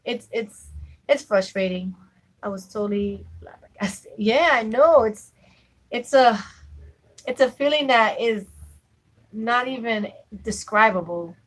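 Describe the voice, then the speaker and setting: Chatty woman vlogger, fairly high voice. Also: a little slow, long pauses, poor audio. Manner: chatty, fillers like "you know what I'm saying". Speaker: vlogger chatting with live viewers. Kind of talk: casual live-stream chat.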